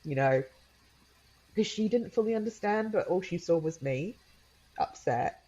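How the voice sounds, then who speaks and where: A woman's voice: on the low side, lively intonation, unhurried, mellow, slightly rough, dull audio. A woman in her thirties, a podcast guest, telling a personal story in a chatty way with many fillers and laughs, often quoting her young daughter in a raised voice.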